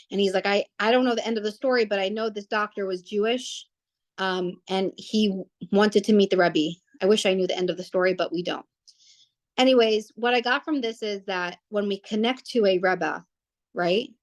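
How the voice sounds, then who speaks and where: A woman's voice: medium pitch, moderate pace. A young woman telling a family story casually, rambling with restarts and fillers.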